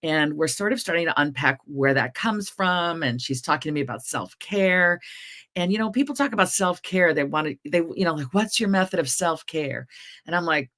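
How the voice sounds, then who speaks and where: A middle-aged woman on a panel, telling a personal story in an animated, expressive way with quoted dialogue. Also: low-pitched, moderate pace.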